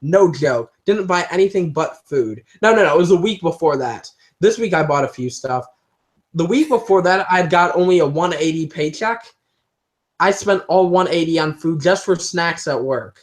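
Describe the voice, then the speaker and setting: High-voiced young man, rambling chat. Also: lively intonation, moderate pace. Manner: rambling, self-mocking storytelling. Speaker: livestream co-host. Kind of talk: casual chat.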